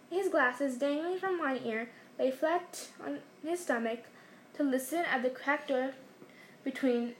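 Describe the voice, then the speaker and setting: A woman reading a storybook aloud in an expressive storytelling manner. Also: high voice, slight background noise. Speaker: reader.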